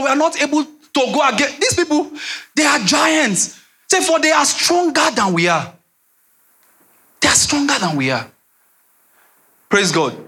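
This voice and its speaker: In his role as pastor, a young Nigerian man preaches with lots of energy. He uses repetition heavily and shifts to a low voice to play out the quotes.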